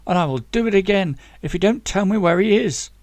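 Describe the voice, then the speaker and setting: A man's voice: high voice, lively intonation, a little fast, darkish tone, dry recording, voice pushed up. A man voicing a determined young man who speaks firmly and threateningly. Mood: menacing. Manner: firm, commanding.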